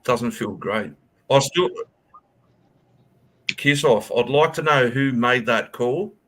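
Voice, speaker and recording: Taking it slowly in a medium-pitched voice, this young host tells a story casually over online voice chat. He swears freely and animatedly acts out people's quotes.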